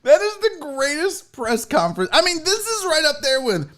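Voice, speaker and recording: A man hosting a casual sports show, profane and animated with laughing asides. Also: very high voice, moderate pace, noisy background. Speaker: host.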